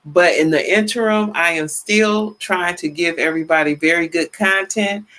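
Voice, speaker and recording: A woman in her fifties hosting a casual livestream, chatty and lively, greeting viewers by name and often repeating herself in colloquial phrasing. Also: on the low side, normal speed. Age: 50s. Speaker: livestream talk show host. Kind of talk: casual livestream chat, reading viewer comments.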